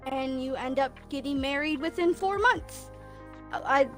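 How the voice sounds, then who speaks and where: A woman's voice: high voice, measured pace, soft background music. A young woman speaking candidly as a guest on a casual livestream, laughing often and a bit emotional. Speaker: guest, best friend of host.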